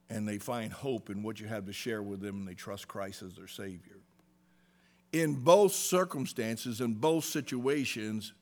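A middle-aged pastor preaching from the pulpit in a slightly higher-than-usual man's voice. He swings from loud emphatic bursts down to quiet, hushed asides, and stops to check in with the congregation. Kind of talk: sermon.

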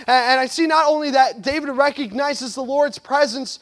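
A man in his thirties preaching a sermon as a pastor, earnest, swinging between loud emphasis and soft reflection. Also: very high-pitched, normal speed.

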